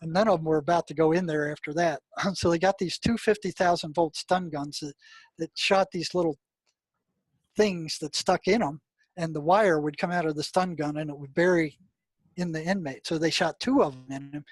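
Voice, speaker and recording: Brief: older male interview guest, slightly high voice, dry close sound, emphatic with lots of fillers. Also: normal speed, dry recording. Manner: emphatic storyteller, many "I mean" and "you know" fillers. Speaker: guest, retired mental health practitioner. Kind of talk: storytelling interview talk.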